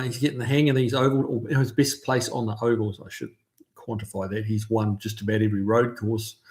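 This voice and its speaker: A man's voice: mid-range voice, darkish tone. A man hosting a casual livestream, greeting viewers by name and chatting loosely with plenty of ums and uhs. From New Zealand. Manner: chatty, friendly, lots of fillers. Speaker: livestream host. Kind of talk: casual live chat reading viewer comments.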